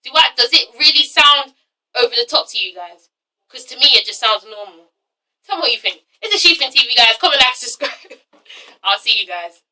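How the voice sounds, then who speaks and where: A woman's voice: sits high, expressive, brisk, sharp tone, far from the mic, low-quality recording. A woman from London with a London accent, chatting bluntly and swearing freely in a casual review vlog while she has a cold and cough. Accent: London English. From London, England. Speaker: vlogger reviewing TV shows.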